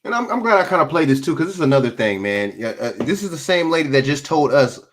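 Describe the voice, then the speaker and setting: A man's voice: fairly high pitch, big pitch swings, fast talker, slight background noise. A man hosting a stream, giving blunt, profane commentary on clips and repeating himself as he answers chat. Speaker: streamer host reacting to clips. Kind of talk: casual opinionated commentary.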